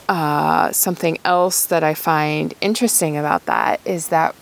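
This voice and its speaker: A woman speaking in a thoughtful, hesitant personal monologue with many pauses. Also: deep voice, creaky.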